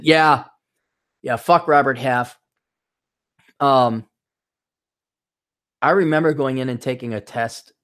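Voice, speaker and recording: This podcast host, a man in his forties, runs a loose solo show full of rambling and profanity, occasionally mimicking people in shrill, mocking tones. His voice has a fairly bright quality.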